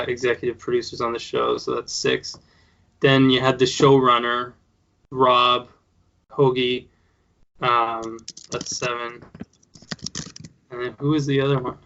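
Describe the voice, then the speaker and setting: Rambling man, bright lo-fi sound. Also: medium pitch, level tone, measured pace, creaky. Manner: rambling, many fillers and restarts. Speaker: guest, show creator. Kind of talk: casual interview. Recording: dull lo-fi sound.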